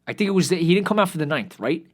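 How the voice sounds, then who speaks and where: A man's voice: on the high side, lively intonation, very fast. Profane, exasperated man ranting. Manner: exasperated, profane, trailing off into weary mutters. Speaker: podcast host. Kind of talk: ranting commentary.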